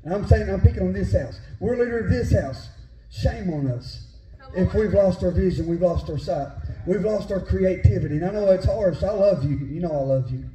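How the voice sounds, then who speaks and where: A man with a West Virginia Appalachian accent preaching a sermon, folksy and fervent, at times rising to shouts. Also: high-pitched, animated, moderate pace, few pauses. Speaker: pastor. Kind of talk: sermon with personal storytelling. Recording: echoey church room.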